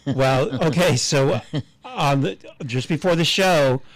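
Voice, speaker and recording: A man's voice: a little high, slow pace. A man co-hosting a talk radio show, wry and jokey, then making pointed arguments, in a studio. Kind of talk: casual radio talk and commentary.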